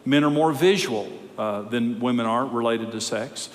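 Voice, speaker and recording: A man's voice: mid-range voice, normal speed. Emphatic man teaching in a reverberant hall. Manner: emphatic, wry, builds to loud exhortation. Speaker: marriage counselor and seminar speaker. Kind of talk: live seminar teaching. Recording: long reverb of a large hall.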